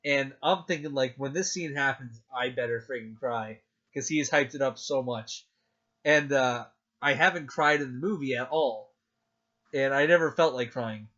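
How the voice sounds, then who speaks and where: A young man rambles excitedly through a casual podcast chat, with plenty of fillers along the way. His voice sits at an ordinary middle pitch. The recording sounds dull and lo-fi. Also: moderate pace. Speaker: podcast co-host.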